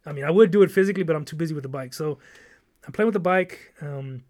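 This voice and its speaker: A man's voice: a little high, fast talker, a little mellow. A young man hosting a podcast, telling a long rambling, profane story in casual chat. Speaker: podcast host.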